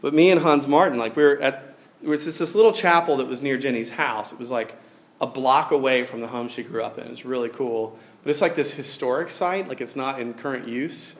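A man's voice: mid-range voice, fairly quick. A man in his thirties preaching a sermon, telling a personal story in a casual, rambling way with many fillers. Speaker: pastor.

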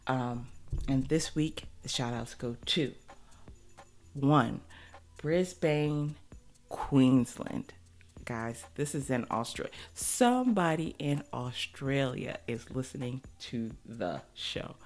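A woman in her thirties hosting a podcast, chatting casually and excitedly, laughing often as she gives listener shout-outs. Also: rumbling low, slow, soft background music. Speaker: podcast host. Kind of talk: casual solo podcast chat.

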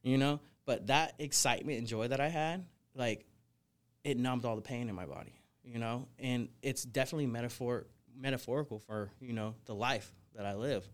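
At a moderate pace and in a mid-range voice, a young male podcast guest who wrangles snakes recounts his life. The telling is energetic and rambling, peppered with "you know" and "like."

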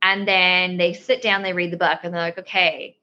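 A woman's voice: on the low side, little pitch movement, brisk, pushed and bright, dull audio. A woman in her thirties, a yoga teacher guest on a podcast, explaining things in a rambling way with many restarts. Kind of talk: casual interview talk.

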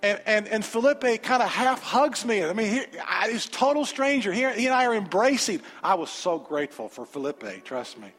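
A man preaching a sermon in a large church sanctuary, telling a personal story with animated energy and then moving into an emphatic altar call. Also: high-pitched, normal speed, few pauses, slightly rough. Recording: reverberant sanctuary with faint music.

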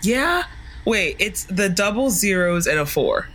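Slow-talking, husky woman player. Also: mid-range voice, very animated, fairly bright tone. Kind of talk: playing a tabletop role-play game.

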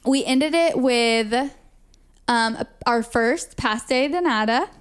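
Woman, podcast co-host, casual chat, filler-heavy, clear smooth tone. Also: on the high side, slow. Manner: chatty, laughs often, many "like" fillers.

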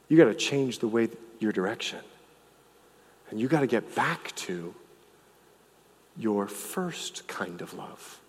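A male pastor preaching a sermon, swinging from loud, emphatic lines to hushed, low ones. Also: in a large hall.

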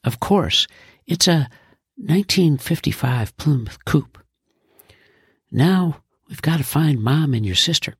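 A beaming 1950s dad, upbeat and proud, speaking a little higher than usual in a close, dry, husky voice, as a man reading the play puts him on. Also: expressive, moderate pace, dry recording. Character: cheerful father, World War Two veteran.

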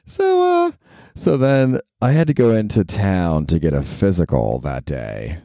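Lively low-voiced man in his forties. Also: unhurried, vocal fry, no echo, studio quality. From Florida. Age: 40s. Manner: animated, swearing, swooping up into high exasperated outbursts. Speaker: podcast host. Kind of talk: casual storytelling monologue.

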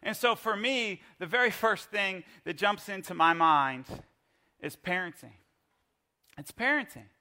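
A middle-aged pastor preaches a sermon through playful, animated storytelling. His voice sits high for a man, and it has a bright, forceful edge. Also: unhurried.

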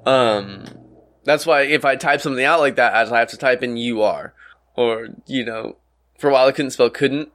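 A man's voice: medium pitch, normal speed, a bit bright. A young man who works as a barista, talking casually in a loose, rambling monologue full of fillers and swearing.

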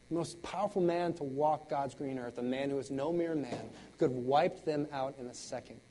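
A dynamic preacher, man with mellow voice. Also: medium pitch, normal speed, few pauses, poor audio. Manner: dynamic preaching, swinging from loud exclamations to quiet intensity; laughs between points, conversational asides. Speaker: pastor. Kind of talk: sermon.

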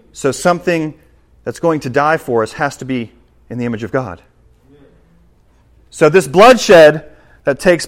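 A man preaching a sermon in church, dropping to quiet asides and rising to loud, slowed, climactic scripture reading. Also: fairly high pitch. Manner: preaching with big swings between soft asides and loud, slow, climactic reading. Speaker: pastor.

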